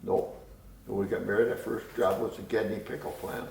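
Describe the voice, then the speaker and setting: A man's voice: lowish voice, fairly even intonation, brisk, gravelly, a little mellow. An older man reminiscing in an oral history interview, rambling and chuckling as he tells stories. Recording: roomy room, distant mic.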